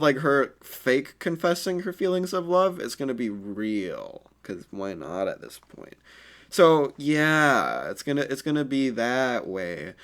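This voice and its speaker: A man's voice: mid-range voice, fairly bright tone. A man improvising a fan story in a rambling, crude and self-conscious way.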